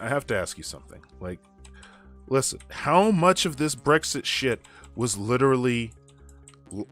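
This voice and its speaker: Ranting, sarcastic low-voiced male streamer. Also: fairly bright tone. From United States. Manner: ranting, sarcastic, swears freely. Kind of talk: casual chat while gaming.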